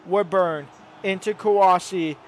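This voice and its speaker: A young man giving excitable play-by-play commentary over his own football video game, rising to shouts at goals. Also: high voice, measured pace, a little hiss or hum. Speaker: gaming YouTuber.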